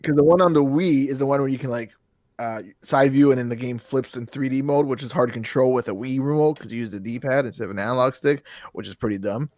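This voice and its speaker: A man's voice: mid-range voice, fast, a little mellow, no echo. A man co-hosting a casual video game podcast, rambling and joking, swearing now and then. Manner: rambling, jokey, swears, does silly voices. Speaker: podcast co-host. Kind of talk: casual chat about video games.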